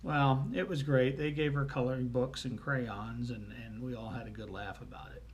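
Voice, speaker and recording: A man telling family anecdotes in a casual, folksy way, with frequent pauses and fillers. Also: medium pitch, steady tone, lo-fi sound. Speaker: storyteller.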